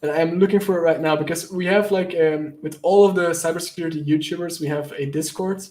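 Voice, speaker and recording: A man's voice: a little high, a little mellow. A man who is a penetration tester and content creator, talking casually as a guest, enthusiastic and laughing at his own jokes. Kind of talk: casual interview talk.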